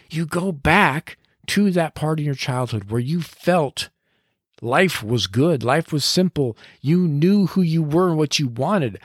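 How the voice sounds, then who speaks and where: A man's voice: on the high side, no echo, studio quality. A middle-aged man hosting a motivational podcast, speaking earnestly and encouragingly and sometimes laughing at himself. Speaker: podcast host and coach.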